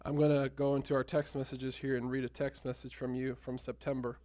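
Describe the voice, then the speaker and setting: A man's voice: medium pitch, level tone, a little fast, warm tone. A man, a pastor, making casual, teasing remarks in church and laughing easily. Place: church sanctuary.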